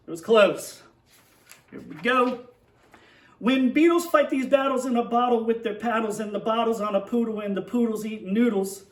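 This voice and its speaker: A man's voice: sits high, moderate pace, echoey room, distant mic. A man teaching young children, playfully reading a tongue-twister picture book aloud and then explaining a math lesson at a board.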